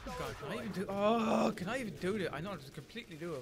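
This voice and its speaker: A young man giving frustrated gameplay commentary, swearing loudly and muttering exasperated asides while playing a shooter, with game music and gunfire behind him. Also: sits high, animated, racing, few pauses. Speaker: gaming YouTuber.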